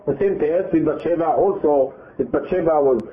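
A religious teacher gives a Torah lesson to a live group, retelling scripture with lots of repetition and acted-out quotes. His voice sits on the high side at normal speed, and the audio is narrow and phone-like.

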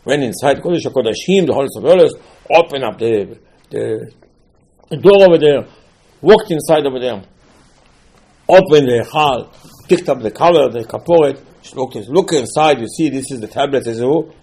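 A man's voice: medium pitch, expressive, a little fast, a little mellow, slightly rough. A man giving a sermon on scripture, telling the stories with animation, acting out the quotes and repeating key words for emphasis. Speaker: religious teacher.

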